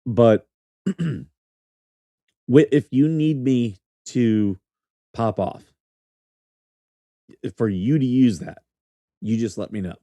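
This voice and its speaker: A man's voice: mid-range voice, slow pace, pauses often, mellow, no echo, highs cut off. A middle-aged man hosting a podcast, telling rambling, profane stories and laughing through them. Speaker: podcast host, former military officer. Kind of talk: casual storytelling chat.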